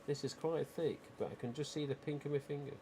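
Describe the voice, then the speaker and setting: A man's voice: on the high side, fairly even intonation, fast talker, mellow, slight background noise. A man hosting a livestream, chatting casually and rambling with lots of "you know" asides. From England. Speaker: livestream host.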